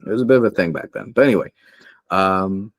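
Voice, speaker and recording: A young man guesting on a podcast tells candid personal stories in a low, quick voice, earnest and emotional, full of fillers and restarts. The recording is clean studio sound with no echo.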